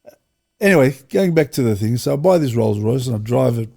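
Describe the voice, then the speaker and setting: Gravelly-voiced middle-aged man. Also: mid-range voice, lively intonation, fairly quick, a little mellow. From Australia. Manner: rambling anecdotes with restarts and quoted dialogue. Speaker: guest. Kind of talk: casual storytelling interview.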